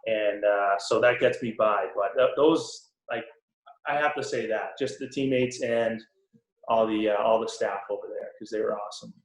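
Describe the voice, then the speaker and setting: A young man with a Boston accent, a guest in a casual interview, relaxed and rambling with many ums and restarts. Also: fairly low pitch, normal speed. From Boston area. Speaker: podcast guest, pro hockey player. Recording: roomy echo.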